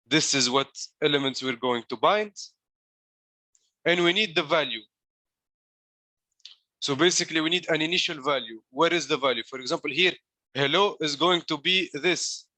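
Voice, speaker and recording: A man's voice: on the high side, pushed and bright, no room sound. A man coaching a class through code in a live walkthrough, explaining each step while demonstrating it. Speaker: coding coach.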